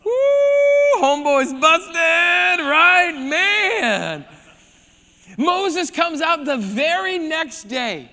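A man preaching a sermon, retelling a Bible story with animated, jokey asides. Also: extremely high pitch, drawn-out words, long reverb tail.

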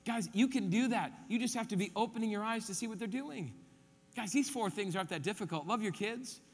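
A man's voice: sits high, fairly quick, husky, in a large hall. A man pastor preaching a sermon, emphatic, repeating his key points and counting them off.

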